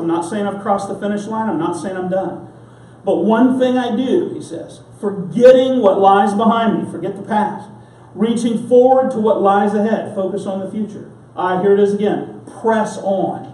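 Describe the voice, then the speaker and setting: A man preaching with earnest emphasis, his voice high for a man. He is heard from a distance in a roomy church, with a faint hum of ambience behind him. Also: dark tone. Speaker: pastor. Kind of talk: sermon. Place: church sanctuary.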